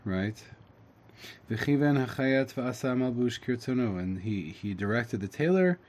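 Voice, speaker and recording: A man teaching, reading a story aloud and translating it line by line, halting often with fillers and restarts. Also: medium pitch, expressive, darkish tone. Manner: halting, with fillers and self-corrections.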